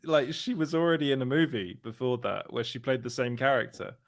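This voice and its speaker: A man's voice: medium pitch, brisk. A man hosting a casual panel chat, laughing often and restarting his sentences. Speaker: show host.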